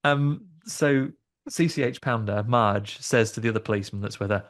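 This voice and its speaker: A man's voice: mid-range voice, fairly even intonation, moderate pace. A man co-hosting a casual film review podcast, joking and acting out lines from the film. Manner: jokey, acts out film lines in funny voices. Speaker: podcast co-host.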